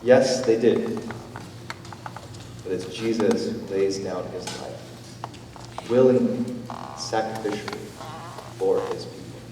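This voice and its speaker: A man preaching a sermon as pastor, with a conversational, gentle manner and casual fillers. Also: on the low side, slow pace, pauses often, background noise. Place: church sanctuary. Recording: roomy church hall, from a distance.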